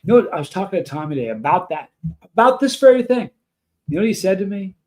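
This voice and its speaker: A man hosts a livestream and speaks earnestly and emotionally to his chat. He rambles and restarts his sentences often. His voice sits a little high for a man. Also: very animated, fast talker, darkish tone. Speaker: livestream host.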